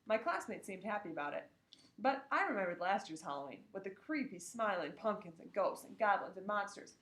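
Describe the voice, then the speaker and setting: A woman reading a children's book aloud, expressive and acting out the characters. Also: mid-range voice, fairly quick. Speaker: reader. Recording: echoey room.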